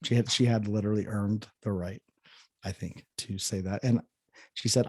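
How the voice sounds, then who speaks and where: A man guest in a conversation, telling a personal story in a reflective, relaxed way. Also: lowish voice, moderate pace, breathy edge, no echo, studio quality. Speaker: podcast guest.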